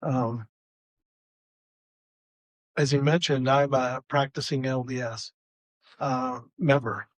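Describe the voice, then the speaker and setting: A man in his sixties speaking on a conference panel, calm and reflective as he describes his own background. His voice sits in a middle pitch and is recorded dry and close. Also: no room sound, low-quality recording. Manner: measured, reflective personal account. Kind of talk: panel talk. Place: conference session room.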